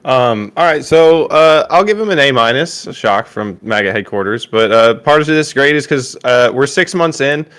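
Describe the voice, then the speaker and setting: A man's voice: medium pitch, animated, moderate pace, few pauses, fairly bright tone, smooth. A man on a panel who talks in a hesitant way, with many fillers and restarts. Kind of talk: casual panel discussion.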